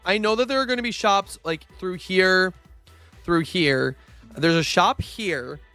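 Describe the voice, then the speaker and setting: A young man with a high, light voice talks through a game stream in a loose, rambling way. He swears freely and trails off into fillers, and the sound is dry and close with soft music underneath. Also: unhurried, clean tone, dry recording. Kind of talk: casual gaming livestream chat.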